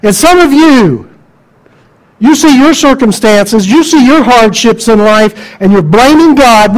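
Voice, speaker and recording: A man preaching a sermon, emphatic and conversational, asking the congregation rhetorical questions and dropping to quiet asides. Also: high voice, lively intonation, measured pace, long pauses, low-quality recording.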